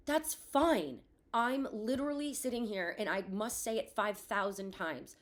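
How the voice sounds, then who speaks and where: A woman's voice: mid-range voice, expressive, measured pace. Woman, thirties, solo podcast host, raw and profane, ranty but reflective. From Florida. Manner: blunt and profane, swinging between rant and reflection. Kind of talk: candid solo podcast monologue.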